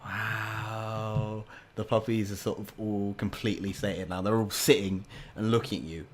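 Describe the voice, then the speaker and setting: Halting young man running a tabletop game. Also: fairly low pitch, level tone. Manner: hesitant, many fillers and restarts. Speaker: game master.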